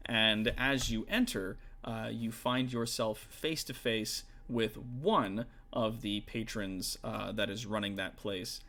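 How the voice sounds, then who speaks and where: Bright-voiced man running a tabletop game. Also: on the low side, takes it slowly, few pauses. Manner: relaxed, laughs often, many fillers. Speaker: game master.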